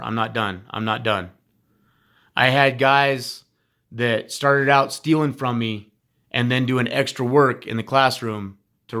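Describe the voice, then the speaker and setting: A man who used to teach speaks straight to his former students in a heartfelt recorded message. His voice sits at an ordinary middle pitch, and his delivery is emphatic, blunt and informal, with casual swearing. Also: bright, forceful tone.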